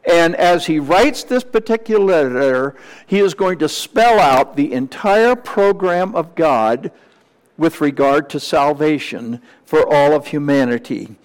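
A male pastor preaching a Sunday morning sermon in a measured, teacherly way, with small asides to the congregation. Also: on the high side, expressive, in a large hall, low-quality recording.

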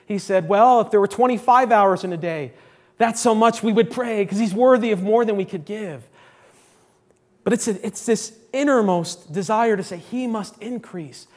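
A preacher whose voice sits high addresses his congregation at a normal speed. His sermon is emphatic, repeating key phrases and shifting from loud proclamations to quiet asides.

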